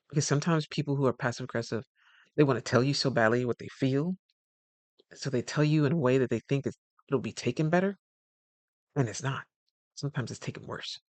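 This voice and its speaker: A man gives casual advice on communication, wandering through his points and stopping to correct his own words. His voice sits at an ordinary middle pitch, and he breaks into little acted-out exchanges as he goes. The sound is dry and close, with no room echo. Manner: animated, acts out quoted dialogue; rambling with self-corrections. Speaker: communication coach.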